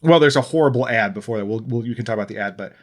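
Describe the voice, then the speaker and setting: Speaking very fast at a medium pitch, a Midwestern American co-host riffs on a movie during a casual podcast review. His take is wry and opinionated, and he thinks aloud as he goes.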